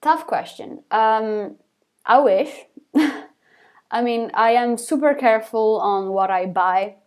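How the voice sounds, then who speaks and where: A woman's voice: on the high side, slow, clear, resonant tone. A young woman, a band's singer, reading fan questions aloud from a live chat and answering them casually, with lots of fillers and small laughs.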